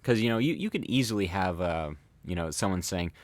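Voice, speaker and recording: A man hosting a commentary, explaining thoughtfully in a halting way with many fillers and restarts. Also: deep voice, lively intonation, dry recording. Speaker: host analyzing body language.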